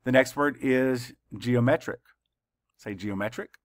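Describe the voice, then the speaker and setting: A male teacher leading a children's spelling lesson, spelling each word out letter by letter with slow, deliberate dictation. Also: mid-range voice, dry recording, clean studio sound.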